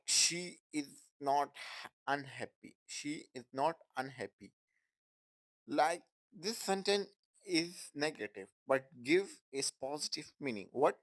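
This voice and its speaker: A man gives an English grammar lesson at an unhurried, deliberate pace. His English is non-native and broken. He repeats each example sentence and checks in with the class often. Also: mid-range voice, a bit bright, low-quality recording. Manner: repeats example sentences, asks "What?" and "Okay, guys?".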